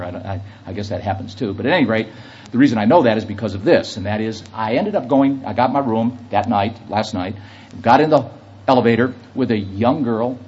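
A man's voice: on the low side, darkish tone, muffled recording, slight background noise. A man preaching a sermon, telling an anecdote and then building to emphatic preaching. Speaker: pastor.

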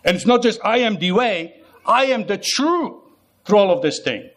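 Emphatic higher-voiced male preacher. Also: big pitch swings, moderate pace, fairly bright tone. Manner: emphatic, repeats phrases, asks the listeners rhetorical questions. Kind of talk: sermon.

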